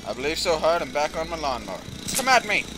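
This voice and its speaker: Young male gaming host, high and animated, excitable and foul-mouthed, over loud game music. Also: fast talker. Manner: excitable, swearing, yelling at the game. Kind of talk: casual let's-play commentary. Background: game music and sound effects.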